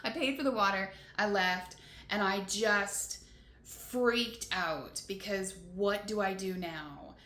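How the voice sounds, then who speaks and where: Woman vlogger, casual story to camera, bright voice, rambly with fillers and laughs, echoey room. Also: medium pitch, slow. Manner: rambling, full of "like" and "you know", laughing between frustrations. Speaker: van life vlogger. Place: motel room. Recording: roomy echo.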